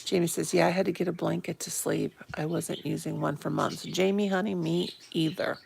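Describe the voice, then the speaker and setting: A woman in her fifties, a little hoarse, chatting live to viewers from her phone at home and greeting them with pet names. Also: lowish voice, fairly even intonation, moderate pace, darkish tone, a little hiss or hum. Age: 50s. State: a bit hoarse. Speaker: live-stream host. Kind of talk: casual live-stream chat with viewers. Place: home, indoors.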